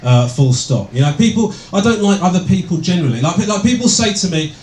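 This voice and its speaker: A man doing a stand-up comedy set, deadpan and sardonic, with plenty of swearing. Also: high-pitched, brisk. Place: small comedy venue, indoors, with audience. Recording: echoey room, distant, loud noise. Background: audience laughter.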